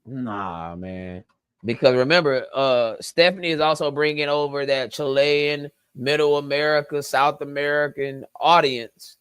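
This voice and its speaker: A man's voice: fairly high pitch, steady tone, unhurried, a bit bright, clean tone, dry recording. A man co-hosting a podcast, chatting emphatically and agreeing readily. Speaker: podcast co-host. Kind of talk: casual chat.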